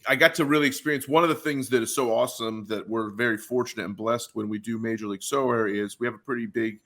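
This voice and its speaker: A man from Carolina, hosting a podcast, telling a story in an animated way full of fillers. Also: mid-range voice, fast. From Carolina, USA. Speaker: podcast host. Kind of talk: casual chat.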